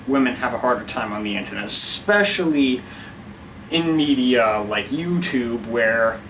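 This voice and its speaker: A man's voice: medium pitch, fairly bright tone, recorded from a distance, a little hiss or hum, rough recording. A man talking casually to camera in a vlog, giving his opinions in a wry, rambling way and often interrupting himself. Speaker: vlogger.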